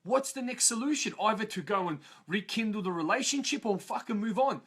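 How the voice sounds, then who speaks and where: A man's voice: high-pitched, animated, brisk, a bit bright, husky. A man speaking on a live stream in a room of his parents' house, bluntly motivating listeners, swearing freely and acting out other people's complaints.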